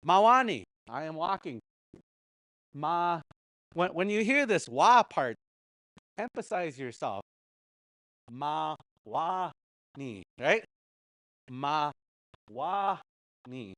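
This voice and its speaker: A man's voice: fairly high pitch, expressive, takes it slowly, long pauses, a bit bright, no room sound. A man teaching a casual language class, patiently repeating words and chuckling often.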